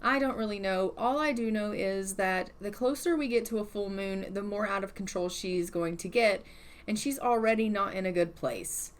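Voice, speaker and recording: A woman's voice: mid-range voice, moderate pace. A woman giving casual, rambling commentary on a life-sim game she is playing, often hedging her thoughts. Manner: chatty and rambling, hedges often.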